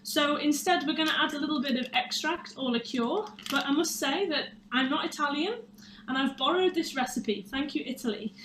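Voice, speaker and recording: A woman's voice: sits high, normal speed. A chatty, bubbly woman, out of breath, hosting a live baking demonstration from her kitchen. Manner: chatty, bubbly, self-deprecating. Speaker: baking show host. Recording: echoey room with faint noise.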